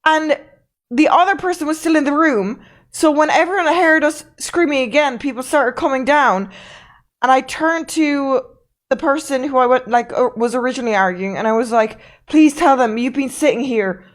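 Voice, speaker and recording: A woman's voice: high voice, moderate pace. Blunt, swearing woman telling a story. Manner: blunt, swears freely, emphatic. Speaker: streamer. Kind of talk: casual storytelling on a livestream.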